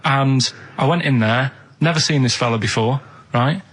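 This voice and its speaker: A man's voice: mid-range voice, moderate pace, a bit bright, breathy edge. A man chatting as a regular on a radio show, telling stories in a plodding, matter-of-fact way from a studio. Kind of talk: casual radio chat.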